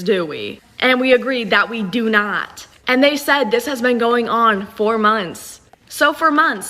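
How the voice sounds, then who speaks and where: A young woman casually telling a creepy storytime, with slang and lively quoted dialogue. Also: a little high, slight background noise. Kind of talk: storytime video.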